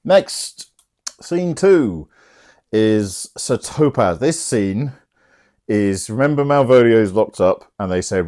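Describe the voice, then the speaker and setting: A man's voice: on the low side, animated, slow, darkish tone. A young man casually retelling a plot, chatty and irreverent, swearing now and then. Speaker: channel host.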